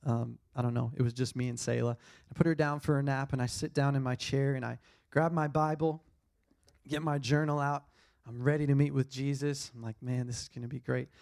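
Young male pastor, mid pitch with some fry, conversational sermon delivery, restates key lines. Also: steady tone, fairly quick, a little mellow. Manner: earnest, conversational preaching with repeated key lines.

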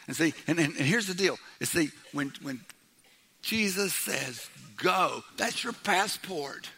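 Loud, bright-voiced preaching man. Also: a little high, normal speed, vocal fry, breathy edge. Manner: loud, animated and joking. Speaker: pastor. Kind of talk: sermon.

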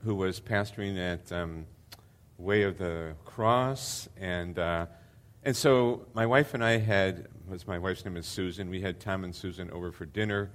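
Here an older visiting pastor preaches in a low, slightly slow voice. His earnest sermon stumbles through plenty of fillers before rising into emphatic repetition.

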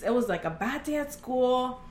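A woman's voice: high voice, expressive, normal speed, slight background noise. A woman from Oklahoma giving a candid, earnest personal testimony as an interview guest, acting out the voices of people in her story. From Oklahoma, USA. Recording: echoey room.

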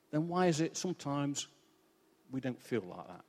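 A man with an English accent giving a sermon, telling a joke story and reading scripture with dramatic pauses. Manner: lively, swinging pitch, dramatic pauses. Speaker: church speaker. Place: church hall. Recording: reverberant church hall.

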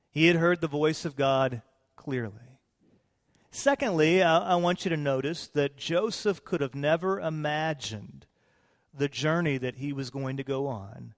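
A man preaching a sermon, retelling scripture with lively, playful asides to his congregation. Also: a little high, in a large hall. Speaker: pastor.

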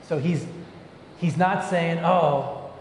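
Guy preaching, playful and quick with jokes, kinda roomy echo around him. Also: fairly high pitch, slight background noise. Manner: lively, joking preacher who acts out voices. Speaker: pastor. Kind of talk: sermon. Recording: echoey hall, long reverb.

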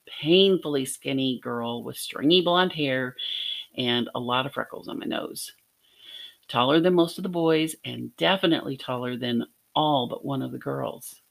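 Woman, middle-aged, low pitch, gravelly, earnest storytelling, devotional lesson. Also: fairly bright tone. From Arkansas. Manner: storytelling, earnest with light laughs. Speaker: podcast teacher.

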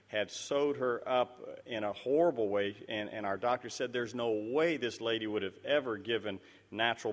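Brief: man, mid-pitched, speaking as a missionary in a church, lively storyteller, reverberant hall sound. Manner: storytelling, animated and earnest. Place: church sanctuary.

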